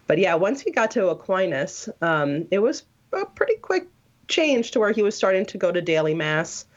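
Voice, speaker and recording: A woman's voice: medium pitch, very animated, normal speed. A woman telling her story in a casual interview, rambling, with many restarts and fillers. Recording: dull lo-fi audio.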